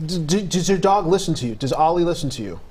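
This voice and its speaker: A man anchoring a TV news show, teasing his co-hosts and asking animated questions in casual banter. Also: fairly high pitch, fast, over a noisy crowd.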